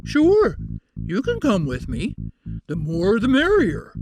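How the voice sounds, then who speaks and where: A woman's voice: mid-range voice, huge pitch swings, slow pace, music in the background, full character voice, low-quality recording. A woman voicing a kind, brave young boy in a storybook reading, sounding cheerful and welcoming.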